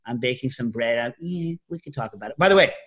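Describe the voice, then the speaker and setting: A middle-aged man hosting a podcast, telling stories in a casual, animated way and breaking into loud shouted impressions. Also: medium pitch, fast talker. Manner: animated storytelling, mimics loud New York shouts. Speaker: podcast host. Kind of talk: casual chat.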